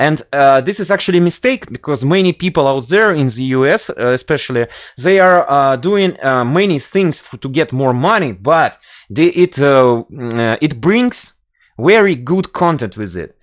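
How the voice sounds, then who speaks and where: A man's voice: fairly high pitch, animated, brisk, no room sound, clean studio sound. A man from Russia with a Russian accent, hosting a casual podcast in English, hesitant and full of fillers and restarts. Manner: hesitant, many fillers and restarts, laughs often. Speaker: podcast host.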